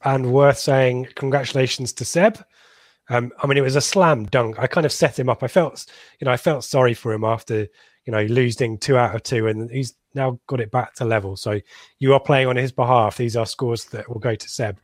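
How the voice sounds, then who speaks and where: A man's voice: medium pitch, fairly even intonation, normal speed, no room sound. A man hosting a casual football podcast, talking in a rambling, chatty way with frequent ums and laughs. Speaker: podcast host.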